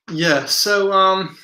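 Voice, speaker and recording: A tired man hosts a late-night live chat, reading out viewer comments and wandering off into long asides. His voice sits a little high and has a sharp, forceful edge. The room around him rings with a noticeable echo. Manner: rambling, reads comments aloud and answers them. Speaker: live stream host.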